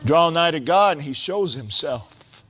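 A man preaching a sermon, quoting scripture slowly and building to loud, stretched-out exclamations. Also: on the high side, animated. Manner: slow, deliberate preaching with quoted scripture.

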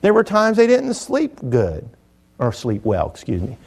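A middle-aged man preaching a sermon in a folksy, joking way, swinging between loud emphatic lines and quiet asides. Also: mid-range voice, huge pitch swings, a little slow, slightly rough.

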